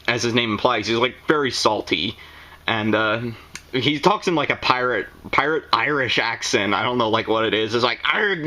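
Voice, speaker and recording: Young guy rambling thru a casual review, bright voice, tons of ums and likes. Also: lowish voice, slight background noise, rough recording. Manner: rambling, lots of fillers and restarts. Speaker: video host. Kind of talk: casual toy show-and-tell review.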